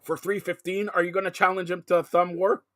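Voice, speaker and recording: A male host on a live sports talk show, excitable and jumping between topics with loud outbursts. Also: high-pitched, fast talker, no room sound.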